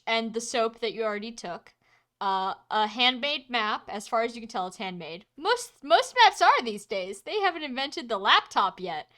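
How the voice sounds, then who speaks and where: Game master, woman, bright and slightly high voice, chatty, giggly narration. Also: sing-song, moderate pace. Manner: chatty, giggly, describes scenes with filler words.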